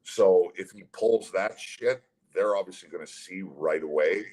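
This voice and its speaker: A middle-aged former pro hockey player speaks low and a little slowly, and the audio is poor. As a guest, he bluntly and animatedly retells a story in casual fashion, swearing constantly.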